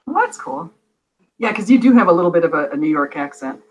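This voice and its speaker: A woman's voice: lowish voice, very animated, fast, a little mellow, slightly rough, poor audio. A woman on a casual chat as a guest, rambling and laughing often. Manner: giggly, rambling.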